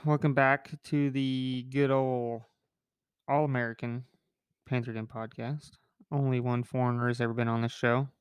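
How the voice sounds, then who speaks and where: A podcast host with a nasal, mid-range voice and little pitch movement chats casually, joking and rambling with quick asides. The tone is clean, with no echo.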